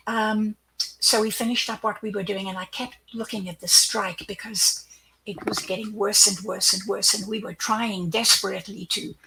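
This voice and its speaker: An older woman with a bright, crisp voice recounts a personal story as an interview guest. She tells it with animation, acts out the dialogue she quotes, and lowers her voice to a near-whisper for asides. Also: rough recording.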